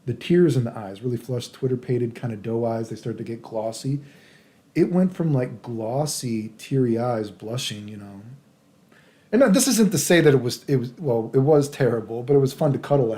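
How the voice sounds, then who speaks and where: A man's voice: mid-range voice, mellow. Crude, rambling man telling a story. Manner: crude, rambling, lots of "dude" and "right?". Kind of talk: casual storytelling vlog.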